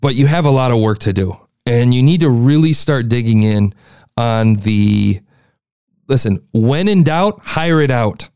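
A man's voice: medium pitch, lively intonation, measured pace, darkish tone, clear, resonant tone, no echo, studio quality. A man hosting a podcast, giving a blunt, exasperated critique of a listener's show. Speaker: podcast host reviewing listener shows.

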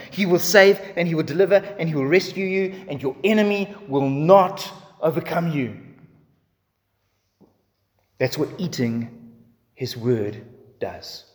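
A man's voice: on the high side, expressive, a little slow. Man preaching in a reverberant hall. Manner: repetitive, building cadence. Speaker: pastor. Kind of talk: sermon with closing prayer.

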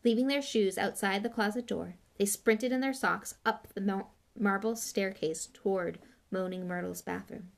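A woman's voice: medium pitch, moderate pace, vocal fry. A woman reading a novel aloud in a plain way with small slips and restarts. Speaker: audiobook reader.

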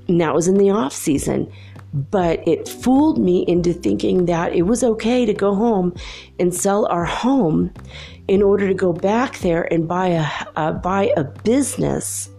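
A middle-aged woman recounts a personal story in a casual, chatty way, laughing often. Her voice sits low, mellow and gravelly. Faint music plays behind her. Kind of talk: casual anecdote.

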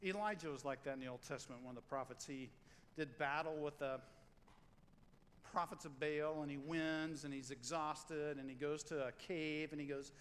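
A middle-aged man preaches a lively sermon, cracking jokes and repeating key lines for emphasis. His voice sits a little high for a man. The church hall rings with a long reverb over a faint hum of room noise. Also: normal speed. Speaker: pastor. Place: church sanctuary.

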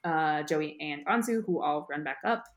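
A young woman co-hosting a podcast, recapping an episode in animated, sarcastic casual chat. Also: low-pitched. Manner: animated, sarcastic, quick to laugh. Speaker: podcast co-host.

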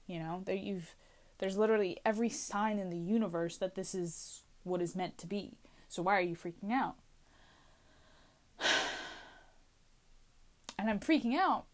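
With a lowish voice and a moderate pace, a woman in her twenties speaks anxiously to camera from a small closet. She is a vlogger making a casual confessional video, rambling and questioning herself as she goes.

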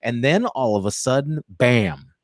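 A man co-hosts a relaxed market show, his voice rising and falling with plenty of animation. He talks through charts with vivid, joking turns of phrase. The sound is dry and close, with no room echo. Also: mid-range voice, measured pace. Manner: lively, jokey, vivid chart talk. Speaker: co-host. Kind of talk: casual market commentary.

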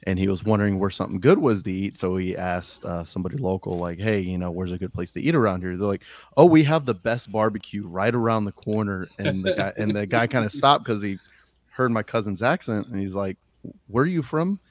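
A man's voice: fairly low pitch, a little fast, no echo. A man from Texas co-hosting a casual sports podcast, joking and teasing, often repeating his words. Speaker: podcast co-host.

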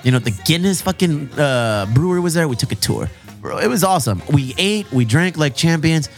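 Animated, profane male storyteller for a casual talk show, voice a touch high, faint music underneath. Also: brisk. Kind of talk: casual chat.

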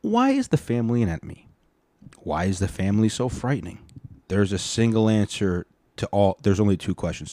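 A man with a fairly low voice hosts his own podcast in casual solo commentary. He rambles, swears and restarts his sentences often. The sound is dry and close, with no room echo. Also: sing-song, fairly quick, warm tone. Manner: rambling, profane, many restarts. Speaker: podcast host.

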